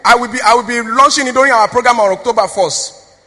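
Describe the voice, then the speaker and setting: Quick, bright and forceful, a fairly high-pitched woman's voice rings through a church hall with long reverb. She is a Nigerian-accented pastor's wife preaching a sermon and exhorting the congregation with call-and-response questions.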